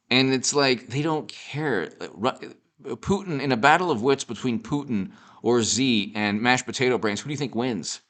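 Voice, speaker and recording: A male commentator talks off the cuff about politics in a mocking, sarcastic way. He rambles, restarts his sentences and laughs at his own jokes. His voice is bright and forceful at a middle pitch. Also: moderate pace. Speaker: political commentator and show host.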